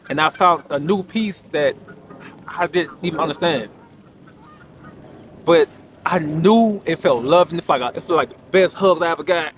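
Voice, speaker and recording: A man's voice: on the high side, a bit bright, a little hiss or hum. A young man earnestly telling a personal story, reflective, restarting often, sometimes rising sharply as he relives his disbelief. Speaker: podcaster sharing personal story.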